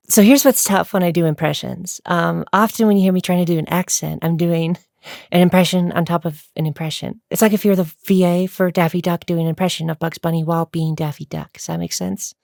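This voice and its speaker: A woman's voice: lowish voice, creaky, a little mellow, no echo, clean studio sound. A woman answering viewer questions in a casual, chatty vlog, rambling and laughing often.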